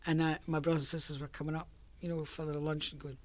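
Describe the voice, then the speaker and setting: Quick-paced and flat in delivery, an older Scottish woman with a deep voice reminisces as an interviewee about the jobs she's held. She's chatty, tells stories, and laughs a lot throughout the oral history.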